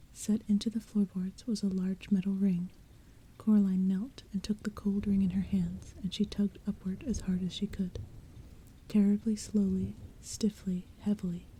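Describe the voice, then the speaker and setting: Whispered role-play: woman softly reading, dark tone. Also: mid-range voice, husky. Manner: soft unvoiced whisper, slow and hushed. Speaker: ASMR audiobook reader. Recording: faint rain sounds behind. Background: soft rain and thunder.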